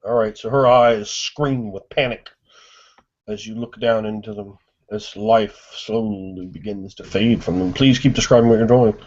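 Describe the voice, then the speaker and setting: A man's voice: lowish voice, steady tone, a little mellow. Brooding man narrating a horror game. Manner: slow, brooding scene-setting. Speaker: game master. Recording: dull lo-fi recording.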